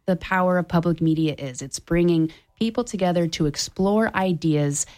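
A female public radio host making an on-air pledge appeal. Her voice is a little lower than usual, and she sounds upbeat and persuasive. She often repeats short phrases for emphasis. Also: moderate pace, a little mellow.

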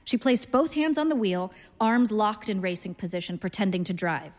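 Deadpan woman reading a story. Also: mid-range voice, normal speed, big-room sound. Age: 30s. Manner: dry, deadpan. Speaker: narrator, reader.

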